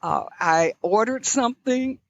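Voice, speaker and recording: A woman's voice: a little high, lively intonation, unhurried, dry recording, dull audio. An older woman from Birmingham, Alabama, recalling her past as a guest in an interview, in a reflective storytelling manner. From Birmingham, Alabama, USA.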